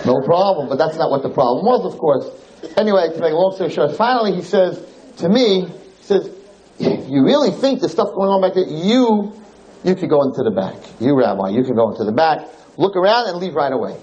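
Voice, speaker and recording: A man's voice: on the high side, brisk, lo-fi sound. A man, a rabbi, telling a story in a lecture and acting out the other people in it. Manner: animated storyteller, acts out quotes.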